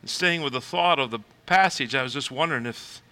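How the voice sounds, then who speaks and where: A man preaching a sermon, moving from quiet reflection to shouted, high exclamations, with laughs between points. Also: fairly quick, smooth, low-quality recording. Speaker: pastor.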